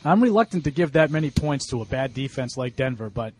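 A man's voice: mid-range voice, lively intonation, quick pace, a little mellow, husky. A man hosting a casual sports panel, reading out each matchup and its line before giving his own pick. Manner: reads out matchups and lines, then gives his pick. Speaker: host running the picks segment.

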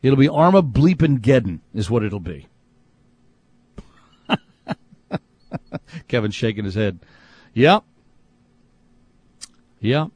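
A man hosting a sports talk radio show, animated and exasperated, who yells for emphasis. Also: mid-range voice, slow pace, pauses often, breathy edge, no echo.

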